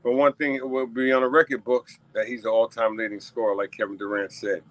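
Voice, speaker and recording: A man from New York riffs on his own talk show, emphatically repeating himself as he addresses the audience in casual solo commentary. His mid-range voice is flat, a little fast and fairly bright, captured in a rough recording.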